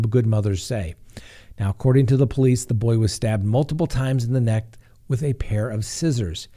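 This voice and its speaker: Middle-aged man, true crime news host, scripted delivery, wry sarcastic asides, middle pitch. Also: dark tone.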